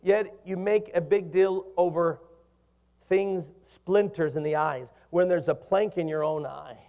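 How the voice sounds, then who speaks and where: High-voiced preaching man in reverberant hall. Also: unhurried, dull audio. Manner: animated preaching, asks the congregation questions. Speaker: pastor. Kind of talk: sermon. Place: church hall.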